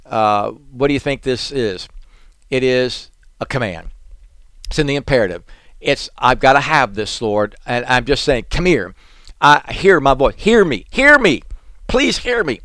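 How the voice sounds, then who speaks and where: A man preaching a sermon, reading scripture slowly and breaking into raised, pleading outbursts. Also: medium pitch, a bit bright, clear, resonant tone, no echo. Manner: reads scripture slowly and deliberately.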